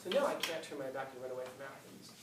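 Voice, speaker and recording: A man's voice: medium pitch, quick pace, close to an everyday voice. A male teacher voicing a proud, defiant old male philosopher who reasons earnestly, recorded in an echoey classroom from a distance. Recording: echoey classroom, far mic, faint hiss.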